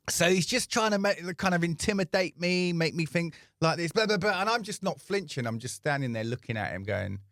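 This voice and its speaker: A bright, lively male voice with a pitch that jumps all over as he spins a funny story. He acts out the people in it in a casual podcast chat, recorded close and dry. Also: moderate pace, no room sound. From England. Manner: animated, acts out voices in anecdotes. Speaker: podcast co-host.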